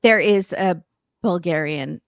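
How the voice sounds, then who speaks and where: Woman guest, mid-pitch, dry close mic, quick wry quips. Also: no echo. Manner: wry, joking asides. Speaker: podcast guest. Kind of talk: casual chat.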